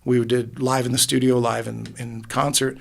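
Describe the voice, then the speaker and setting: Gravelly-voiced musician telling his story. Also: medium pitch, little pitch movement, moderate pace. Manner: earnest, rambling storyteller with many restarts and fillers. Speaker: musician guest. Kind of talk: casual interview. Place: podcast booth.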